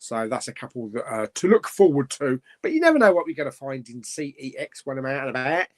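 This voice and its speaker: A man's voice: medium pitch, big pitch swings, quick pace. A middle-aged man hosting a casual live stream, chatting about films and reading out viewer comments, rambling with fillers and chuckling often.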